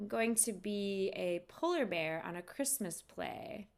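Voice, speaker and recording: A woman who teaches yoga, chatting casually with viewers on a live stream, unhurried and loose with fillers and restarts. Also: medium pitch, lively intonation, gravelly.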